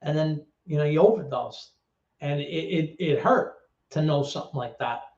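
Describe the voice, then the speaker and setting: A guest from the Bronx, New York, tells personal stories in a casual, rambling, profane way, full of fillers and restarts. His New York-accented voice sits a little high and a little mellow, moving at normal speed. The recording sounds roomy, dull and lo-fi.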